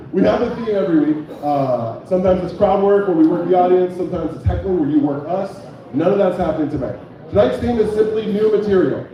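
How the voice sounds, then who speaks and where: A man's voice: high-pitched, heavy reverb, recorded from a distance, dull audio. A young man hosting a bar comedy night and doing stand-up, loose and joking, chatting with the crowd. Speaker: comedy show host and stand-up comic.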